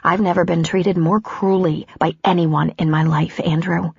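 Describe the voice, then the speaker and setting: Woman narrator voicing a wounded woman doctor, pleading and bitter, husky and lower-pitched. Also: steady tone, moderate pace, no room sound, muffled recording, exaggerated voice. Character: hurt angry woman doctor ending a relationship.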